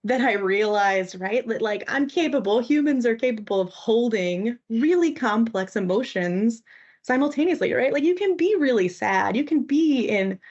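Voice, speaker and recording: A woman's voice: fairly high pitch, lively intonation, moderate pace, a little mellow, slightly rough, dull audio. A woman co-hosting a podcast, telling a personal story earnestly and often asking "right?". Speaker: podcast co-host. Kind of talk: reflective podcast conversation.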